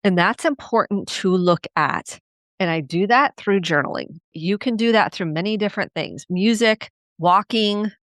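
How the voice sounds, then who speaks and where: A woman's voice: moderate pace, no echo, clean studio sound. A middle-aged woman, a family therapist, hosting a solo podcast and talking earnestly and reflectively about family life. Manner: earnest, reflective, acts out quoted parents in a higher voice.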